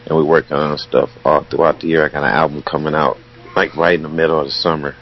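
A man's voice: extremely low pitch, little pitch movement, fast, faint music behind. A man as a musician guest on a radio show, laid-back and giving answers full of ums. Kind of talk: interview answers. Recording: dull lo-fi sound.

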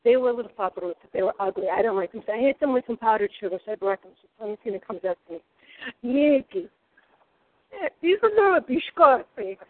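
A middle-aged woman telling kitchen stories in a lively, expressive way as a guest cook. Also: mid-range voice, very fast, few pauses, no room sound. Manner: lively, expressive, laughing storyteller. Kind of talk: animated storytelling chat. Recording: tinny phone-like line.

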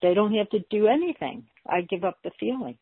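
A woman's voice: mid-range voice, lively intonation, a little fast, slightly rough, no room sound. A woman reflecting hesitantly in a group call, searching for her words. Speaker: community call participant. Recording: dry phone-line audio.

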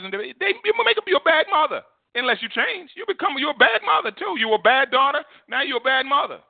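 High-voiced preacher, tinny and dry. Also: male voice, dry recording. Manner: emphatic preaching, repeats words, swings loud and soft. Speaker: pastor. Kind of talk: sermon. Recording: dry phone-like audio.

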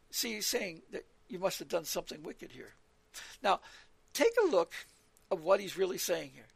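An earnest preacher gives an evening Bible talk in a gravelly, husky voice that sits high for a man, with big swings in pitch. He rambles from point to point at a moderate pace, reading scripture aloud and explaining it. The recording is dry and close, with no echo.

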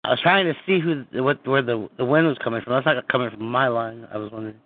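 A man calling in who explains things in a halting, rambling way. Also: medium pitch. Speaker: caller. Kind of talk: casual call-in chat. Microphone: phone call. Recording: tinny phone line.

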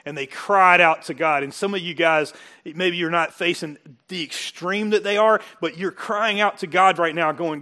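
A man preaching a sermon, animated and joking, building to excited emphasis. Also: fairly high pitch, moderate pace. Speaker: pastor.

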